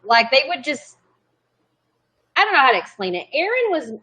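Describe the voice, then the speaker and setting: Young woman guest, slightly high voice, rambling casual storyteller who keeps interrupting herself. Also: very animated, normal speed, sharp tone, a little hiss or hum. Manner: chatty, self-interrupting, apologetic.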